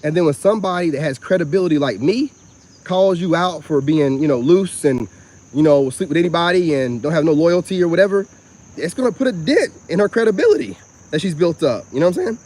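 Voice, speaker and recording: Out of doors with crickets in the background, this man spins a long personal tale for the camera at a fairly quick clip. He's animated and casual, his voice slightly high for a man, and "you know what I'm saying" keeps cropping up.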